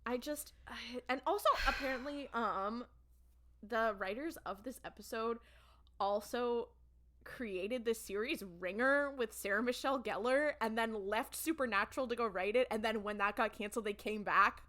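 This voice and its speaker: A woman's voice: fairly high pitch, normal speed, fairly bright tone. A woman co-hosting a podcast, chatting casually with lots of "like" fillers and an exasperated tone. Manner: filler-heavy, exasperated, full of "like". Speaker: podcast co-host. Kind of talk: casual chat.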